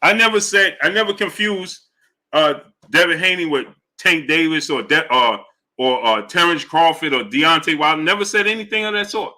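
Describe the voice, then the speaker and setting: Man, live-stream host, very bright, slightly high voice, repeats himself, argumentative. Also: moderate pace. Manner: animated, argumentative, repeats points; drops low and soft for chat shout-outs. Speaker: boxing show host. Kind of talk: live-stream commentary reading chat.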